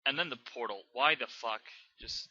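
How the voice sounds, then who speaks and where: Exasperated young man with a bright voice. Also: mid-range voice, normal speed, no room sound, dull audio. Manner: exasperated, sarcastic, swears a lot. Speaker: channel host reviewing fanfiction. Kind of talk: dramatic reading and rant commentary.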